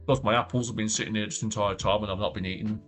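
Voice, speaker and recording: A man's voice: fairly low pitch, steady tone, very fast, fairly bright tone. A man chatting casually on a livestream while he draws, thinking aloud in loose, trailing phrases. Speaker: art streamer. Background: faint background music.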